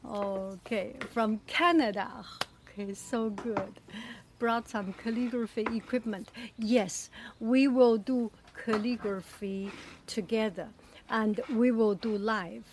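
A woman hosting a live stream, greeting viewers in an effusive, halting way with frequent fillers. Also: fairly high pitch, steady tone, background noise. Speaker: livestream host.

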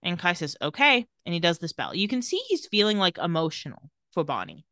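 Podcast host, woman, bright and forward voice, dry close recording, casual recap delivery. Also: lowish voice, sing-song, fairly quick, dry recording. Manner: narrates scenes, quoting characters.

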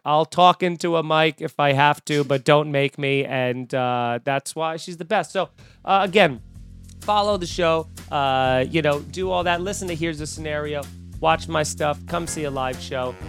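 A man hosting a casual podcast, telling stories and acting out quoted voices in an animated way. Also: fairly high pitch, normal speed, soft background music. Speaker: podcast host. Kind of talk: casual chat. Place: home room.

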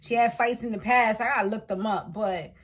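Woman, slightly high voice, chatty slangy recap host, laughs a lot. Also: fairly quick, husky. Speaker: reality show recapper. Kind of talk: casual recap commentary.

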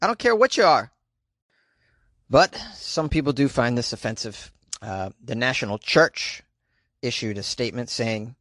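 A man's voice: medium pitch, very animated, normal speed, a bit bright, no echo. Wry man doing comedic news commentary. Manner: wry, joking asides, chatty. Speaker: host.

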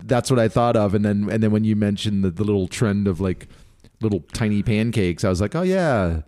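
A man's voice: fairly low pitch, brisk. A man co-hosting a podcast, chatting casually in an easygoing, teasing way. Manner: easygoing, teasing, lively intonation. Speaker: podcast co-host. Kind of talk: casual chat.

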